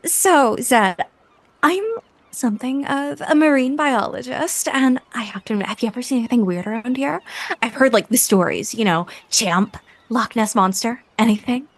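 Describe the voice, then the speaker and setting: A woman's voice: a little high, normal speed. A woman playing a tabletop game, chatting eagerly in character. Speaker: player. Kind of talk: casual tabletop play.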